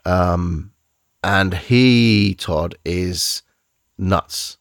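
Low, gravelly-voiced man chatting casually. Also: extremely slow, dry recording, studio quality. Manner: rambling, restarts often, searches for words. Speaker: podcast host reviewing films. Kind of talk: casual chat.

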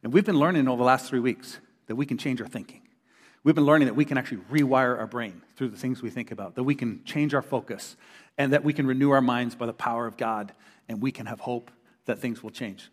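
A middle-aged man preaching a sermon to a congregation in a church hall, an animated storyteller who acts out the voices of the people he quotes. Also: mid-range voice, quick pace. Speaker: pastor. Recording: long reverb of a large hall.

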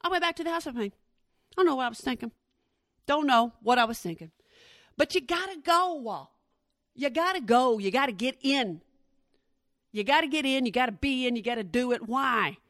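A woman in her forties does stand-up, speaking straight to the crowd and playing out every voice in her story. Her voice sits a little high. The lapel mic gives a close, dry sound with no room echo. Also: normal speed, pauses often. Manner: animated, addresses the audience directly, acts out quoted voices. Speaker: stand-up comedian.

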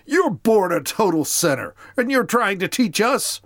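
A man voicing indignant male religious leaders who fire sharp, incredulous questions in a dry-sounding recording. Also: high-pitched, sing-song, a little slow, dry recording, pitched above the performer's own voice, full character voice.

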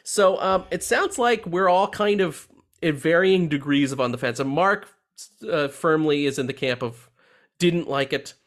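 A man hosting a podcast in casual chat, animated and profane, joking with his co-hosts. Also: fairly high pitch, a little slow. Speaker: podcast host.

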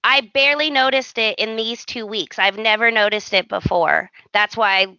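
A woman's voice: on the high side, moderate pace, dry recording, lo-fi sound. A woman co-hosting a podcast, chatting casually and acting out quoted lines as she tells a story. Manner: animated storytelling, acts out quotes. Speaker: podcast co-host. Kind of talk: casual chat.

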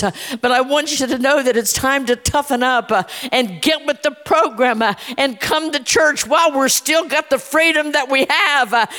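A woman's voice: high voice, fairly bright tone. A woman preaching a folksy, emphatic sermon in a church, with many "uh" restarts. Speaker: church speaker. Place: church sanctuary. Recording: echoey church hall.

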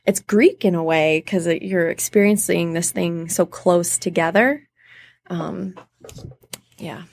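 Animated woman telling stories. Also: on the low side, slow, vocal fry. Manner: animated, acts out quoted voices. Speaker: guest, theater artist. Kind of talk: casual interview storytelling.

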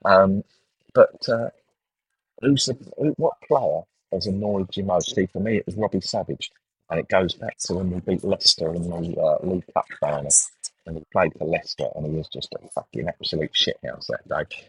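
Husky gravelly bloke ranting about football, sweary and fed up, low voice, dry sound a bit off mic. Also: male voice, normal speed, no echo, distant mic, low-quality recording. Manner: blunt, sweary, exasperated ranting. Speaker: podcast host. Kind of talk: ranting sports betting podcast.

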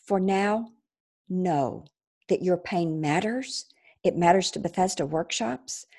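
A woman counselor speaking gently and reassuringly on a recovery podcast, sometimes restarting phrases. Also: fairly low pitch, lively intonation, slow, slightly rough.

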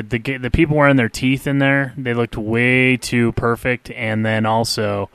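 A man's voice: mid-range voice, a bit bright, smooth, no echo. A man co-hosting a podcast, giving blunt, grumbling opinions in casual chat about a film. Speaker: podcast co-host. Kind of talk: casual movie review chat.

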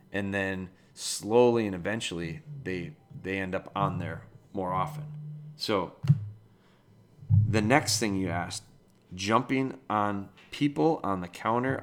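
A middle-aged man hosting a dog training podcast, talking in a relaxed, plainspoken, matter-of-fact way. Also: lowish voice. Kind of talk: casual advice talk.

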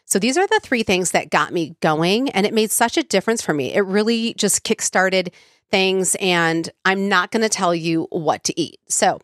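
A woman's voice: medium pitch, expressive, normal speed, dry recording, clean studio sound. A woman hosting a podcast, talking casually with many ums and you-knows, her voice congested from a cold. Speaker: podcast host. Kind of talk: casual solo podcast talk.

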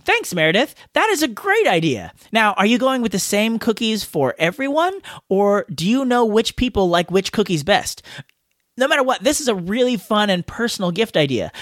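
A man's voice: sits high, sing-song, brisk, fairly bright tone, no room sound, studio quality. A man hosting a podcast, reading listener letters aloud in a playful, jokey way. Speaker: podcast host. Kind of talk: casual podcast chat reading listener mail.

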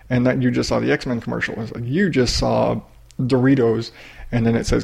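A middle-aged man hosting a podcast, chatting casually in an excited, rambling way with heavy swearing. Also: mid-range voice, quick pace, gravelly, husky. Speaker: podcast host. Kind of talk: casual profane chat.

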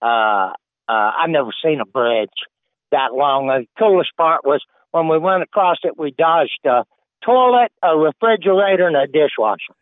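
A man's voice: a little high, animated, moderate pace, dry recording. An older man calling in to a radio show, rambling in a folksy way. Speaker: caller. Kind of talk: phone-in chat. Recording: tinny phone line.

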